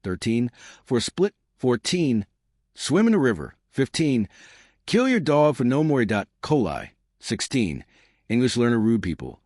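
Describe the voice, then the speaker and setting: A man's voice: medium pitch, very animated, a little slow, a little mellow, no echo, clean studio sound. A man hosting his channel, speaking in a disjointed monologue that jumps between tips and numbered lists. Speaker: channel host.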